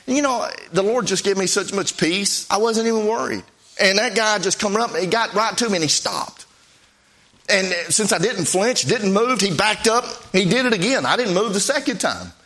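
Guy preaching, telling stories like he's just chatting, voice goes up n down a lot, kinda high pitched. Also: sharp tone. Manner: conversational, pitch swings up and down while telling stories. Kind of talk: storytelling sermon.

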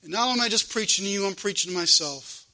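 A man preaches a fervent sermon, driving points home by repeating them. His voice sits high for a man. His tone is piercingly bright and sharp. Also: racing, poor audio. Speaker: pastor.

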